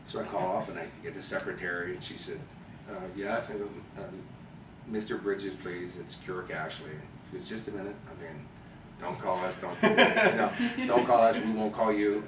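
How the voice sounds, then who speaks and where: A man from Chicago, an interview guest, telling animated anecdotes and acting out the people he quotes. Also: sits low, normal speed. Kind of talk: storytelling interview. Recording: roomy, distant mic with background noise.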